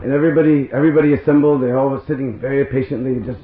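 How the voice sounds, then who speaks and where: A spiritual speaker with a medium-pitched voice tells stories very fast to a seated audience, chuckling between lines in a lively way. The audience recording is roomy and tinny, like a phone, with slight background noise.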